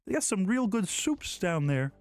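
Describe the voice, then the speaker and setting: A man voicing a soft-spoken old man with a whispery voice and drawn-out hissing S's. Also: high-pitched, big pitch swings, smooth, no echo, pitched above the performer's own voice. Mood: wheedling.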